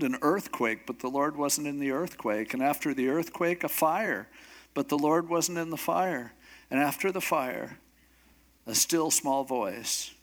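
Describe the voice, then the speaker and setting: A pastor preaching a sermon, telling a story in an animated, humorous way. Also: male voice, medium pitch.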